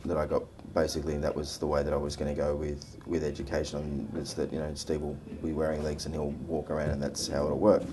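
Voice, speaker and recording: An Australian man talking in a documentary interview, relaxed and reflective with wry humour. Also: rumbling low, slight background noise.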